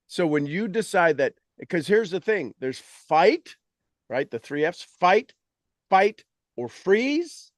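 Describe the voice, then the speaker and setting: Man, motivational mentor, slightly high voice, animated and teasing, dry close sound. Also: slow pace, no room sound. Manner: animated, acts out people's complaints in quoted voices; direct and teasing with the audience. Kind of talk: motivational coaching talk.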